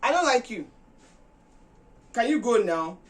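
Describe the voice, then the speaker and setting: A woman's voice: fairly high pitch, big pitch swings, unhurried, voice pushed up. A woman acting out an exasperated young woman who dismisses a suitor sharply. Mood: irritated.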